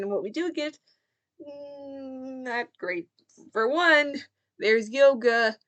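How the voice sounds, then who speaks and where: Chatty young woman reviewing books. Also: a little high. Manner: chatty, thinks aloud with fillers and restarts. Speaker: book reviewer. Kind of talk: casual book review chat.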